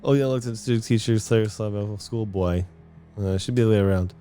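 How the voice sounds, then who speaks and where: A man's voice: on the low side, fast, mellow, soft background music. A man casually reading a visual novel aloud and chatting during a let's play. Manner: reads narration and chats with laughs.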